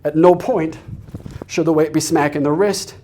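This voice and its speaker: Energetic man coaching a workout. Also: fairly high pitch, normal speed. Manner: clear step-by-step coaching, energetic. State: out of breath during demonstrations. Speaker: fitness coach. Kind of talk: instructional demonstration.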